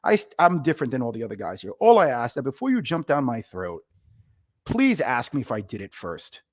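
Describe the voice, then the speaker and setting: Fast-talking New man telling stories. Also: medium pitch, no echo, studio quality. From New York. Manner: animated, acts out bosses in quoted voices. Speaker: podcast guest, retired Marine officer. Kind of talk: casual storytelling.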